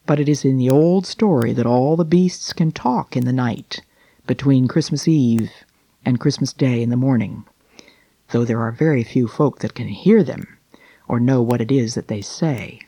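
A man reading a classic children's Christmas story aloud in a gentle, unhurried voice with dramatic slowing. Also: mid-range voice, slightly rough, no echo.

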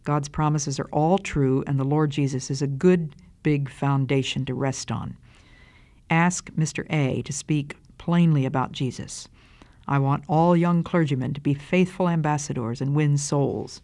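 A woman reading the words of a dying woman, calm and joyful in her faith, in a soft voice. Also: low voice, measured pace. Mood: serene.

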